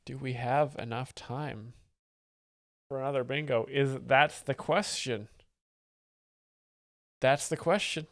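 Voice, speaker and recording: A man hosting a live stream, giving mock-expert commentary and reading chat in a deadpan, easily distracted way. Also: mid-range voice, slow pace, pauses often, dry recording, studio quality. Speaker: livestream host. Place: home setup with several screens.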